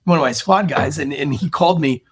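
A man's voice: brisk, husky. A man, an army veteran and podcast co-host, telling stories in casual chat and acting out the quotes with big jumps in voice. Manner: animated, acts out quotes with big jumps in pitch.

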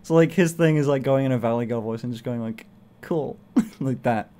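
A man's voice: medium pitch, fast talker, warm tone, smooth. A young man streaming, chatting casually in a playful, swearing way and laughing often. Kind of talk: casual livestream chat.

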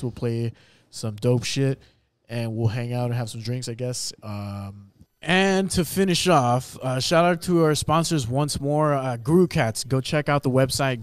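A man hosting a live podcast, talking in a profane, rambling way and reading out sponsor shout-outs. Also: medium pitch, clean tone, no room sound. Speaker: podcast host. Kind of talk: casual podcast chat and sponsor reads. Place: live venue.

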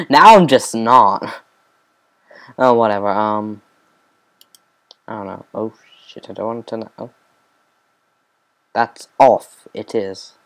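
A man's voice: lowish voice, slow pace, pauses often, a bit bright. A man giving casual, rambling commentary over his own gameplay, with mumbled asides and lots of fillers. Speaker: let's play host.

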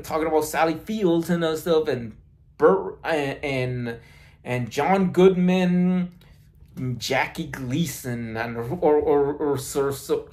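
A vlogger in a casual rambling monologue, recorded on a phone, halting with many restarts and repeated words. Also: mid-range voice.

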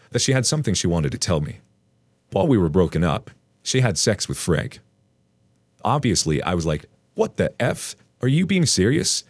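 Deep, lively male story narrator. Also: dry recording. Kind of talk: scripted narration of a forum post.

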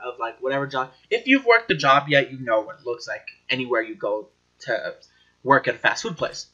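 Excitable, swearing gameplay commentator man. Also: mid-range voice, normal speed, lo-fi sound. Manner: excitable, giggly and foul-mouthed. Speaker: gaming channel host.

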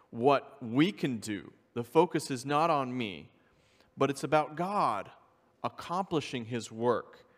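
A man preaching a sermon as a visiting missionary, earnest and steady, reading scripture aloud in old-fashioned wording. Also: mid-range voice, big-room sound. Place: church sanctuary.

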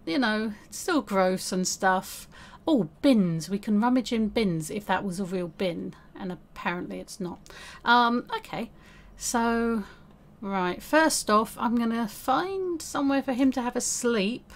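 A woman's voice: on the high side, animated, unhurried. A young woman chatting casually through a life-sim game as the host, talking to her character as she plays. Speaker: gaming video host. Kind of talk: casual let's-play commentary.

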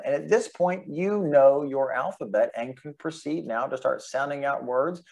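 A man giving a relaxed, chatty video lesson on the Greek alphabet, spelling out letters and their sounds. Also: fairly high pitch, gravelly. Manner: sings the alphabet in a plain untrained voice. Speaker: Greek teacher.

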